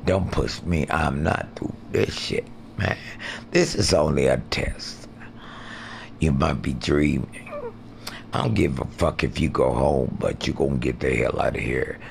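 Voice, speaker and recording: A man rambling profanely through improvised skits and jokes, now and then jumping into squeaky put-on voices. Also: normal speed, creaky, a little hiss or hum. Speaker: amateur podcaster. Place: porch outdoors.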